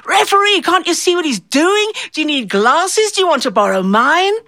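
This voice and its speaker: A woman storyteller voicing her elderly great-aunt shouting indignantly at a wrestling referee. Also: very high-pitched, expressive, normal speed, no echo, studio quality, pitched above the performer's own voice, full character voice.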